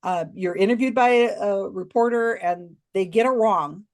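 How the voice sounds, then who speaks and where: Expressive and animated, a woman guest shares a story on a casual interview podcast. She often backs up to restart or wanders into asides, with big pitch swings each time she retells someone else's part.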